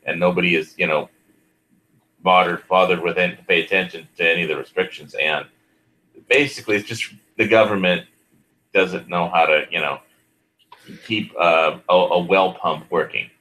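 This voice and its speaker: A man chats on an online panel and rambles, filling gaps with "you know" and "like." His voice is very low. The tone is bright and edged. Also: fairly even intonation, normal speed, rough recording. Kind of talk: casual online panel chat.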